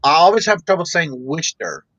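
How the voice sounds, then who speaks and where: A man's voice: a little high, big pitch swings, brisk, fairly bright tone, no echo. Chatty man on a dull, dry line. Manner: rambling, chatty, with restarts. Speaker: show host. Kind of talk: casual live-stream chat.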